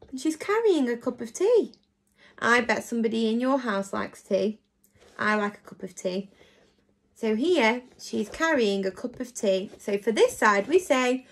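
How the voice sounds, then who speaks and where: A woman teaching a phonics lesson to young children online, encouraging and sing-song, sounding out letters. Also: on the high side.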